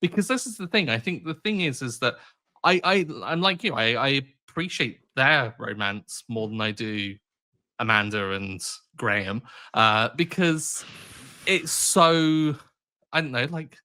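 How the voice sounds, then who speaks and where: Expressive man co-hosting a podcast. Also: medium pitch, measured pace, dry recording, clean studio sound. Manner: opinionated, teasing, expressive. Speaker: podcast co-host. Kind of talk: casual chat.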